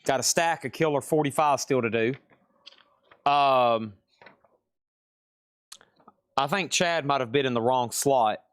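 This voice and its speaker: A man's voice: medium pitch, brisk, few pauses, no room sound, clean studio sound. A man with a Southern US accent hosting a live record sale, in chatty, rambling patter that often corrects itself. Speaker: live-stream record seller. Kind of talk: casual live sales patter.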